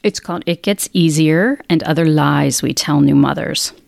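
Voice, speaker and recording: A woman's voice: low-pitched, moderate pace, vocal fry, darkish tone, dry recording, studio quality. A middle-aged woman author talking candidly in a casual interview, rambling with frequent restarts. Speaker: author guest.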